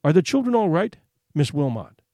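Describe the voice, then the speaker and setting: A man's voice: a little high, very animated, moderate pace, dark tone, no echo, studio quality. A man voicing an anxious, cold upper-class mother who speaks in tense, clipped questions.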